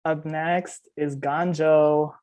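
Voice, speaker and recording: A game host introducing contestants one by one in a steady announcing manner. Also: medium pitch, extremely slow.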